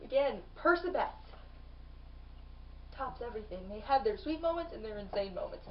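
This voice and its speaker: A woman's voice: on the high side, expressive, normal speed, recorded from a distance, lo-fi sound, a little hiss or hum. A young woman chatting casually in a book vlog, bubbly and full of fillers and restarts. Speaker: book vlogger.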